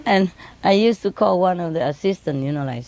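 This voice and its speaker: A woman speaking English with non-native grammar, telling laughing stories about her birds and mimicking them in a high voice. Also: fairly quick, darkish tone, a little hiss or hum. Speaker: bird owner telling stories. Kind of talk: casual storytelling.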